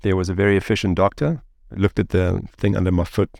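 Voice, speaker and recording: Low, gravelly man. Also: fast, no echo, studio quality. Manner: animated, rambling with many fillers like "like" and "you know". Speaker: guest. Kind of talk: storytelling in an interview.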